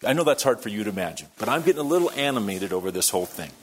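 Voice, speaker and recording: A man preaching a sermon, telling a story that moves between quiet, hushed lines and loud, worked-up ones. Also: lowish voice, very animated, rapid-fire, breathy edge. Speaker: pastor.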